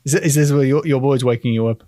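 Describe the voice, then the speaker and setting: A man's voice: mid-range voice, fairly even intonation, fast talker, very noisy. A man with a Northern English accent co-hosting a comedy podcast, presenting the topic with dry wit. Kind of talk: comedic casual chat.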